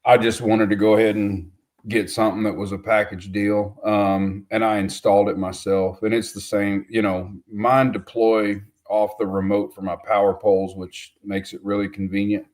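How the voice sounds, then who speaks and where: A man co-hosts a casual fishing livestream in a slightly low voice. He talks easygoing and unhurried, with filler words. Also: level tone, darkish tone. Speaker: co-host.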